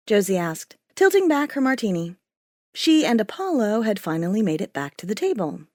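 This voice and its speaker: Brief: woman audiobook narrator, wry and expressive, lively pitch, dry close sound. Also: brisk, dry recording. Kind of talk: first-person audiobook narration.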